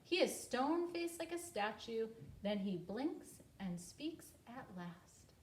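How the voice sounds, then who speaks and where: A woman teacher reads a rhyming picture book aloud, slowly and expressively. Her fairly high voice rises and falls a lot. It is recorded in a roomy space with faint background ambience. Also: slight background noise. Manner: slow expressive read-aloud.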